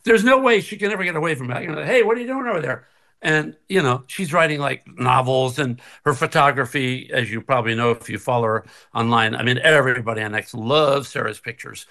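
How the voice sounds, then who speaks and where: An older man, a guest on a video call from his kitchen, telling an animated story and acting out both sides of the conversation. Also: medium pitch, brisk, hardly any pauses. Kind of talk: casual storytelling. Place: kitchen at home.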